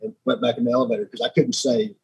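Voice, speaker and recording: An earnest man in his thirties from Alabama tells a personal story as a podcast guest, circling back and repeating himself as he goes. His voice is deeply husky and breathy, pitched in an ordinary middle range. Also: little pitch movement, rapid-fire, a little mellow, poor audio. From Alabama, United States. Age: 30s.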